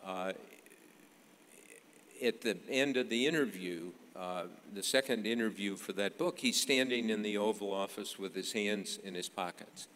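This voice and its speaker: A man's voice: on the low side, unhurried, a bit bright, a little hiss or hum. An older man telling a story to an audience with dry humor, stopping often with fillers. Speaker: speaker telling an anecdote. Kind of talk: storytelling speech. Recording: long reverb of a large hall.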